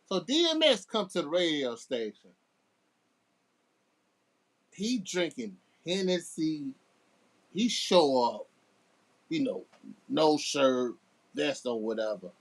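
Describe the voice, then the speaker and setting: A middle-aged man tells laid-back stories from his years as a DJ. His delivery is unhurried and his pitch rises and falls a great deal. He restarts his sentences often as he talks. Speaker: guest DJ. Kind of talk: casual storytelling.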